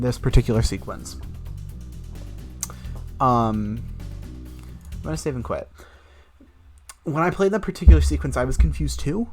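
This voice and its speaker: A young man streams a video game, giving wry, rambling commentary in an unhurried voice at an ordinary pitch. Faint music plays under his talk. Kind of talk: casual gameplay commentary.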